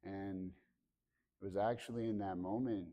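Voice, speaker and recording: A man in his thirties speaking candidly to students about his life, halting and full of restarts, acting out remembered conversations. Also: low-pitched, steady tone, warm tone, lo-fi sound. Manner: acts out remembered dialogue with raised voice. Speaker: motivational speaker. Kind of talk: personal story told to a student audience. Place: school hall.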